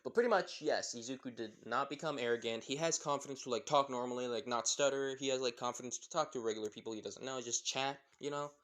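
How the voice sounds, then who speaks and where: A man's voice: medium pitch, quick pace, hardly any pauses, a bit bright. A man narrating a homemade fan story in a rambling, filler-heavy way, making it up as he goes. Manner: rambling, many fillers like "pretty much".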